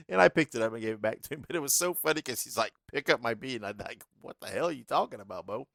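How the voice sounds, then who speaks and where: This male podcast host has a gravelly, mid-pitched voice with a fairly bright tone, recorded without echo. He's chatty and casual, laughing through his anecdotes and leaning heavily on fillers.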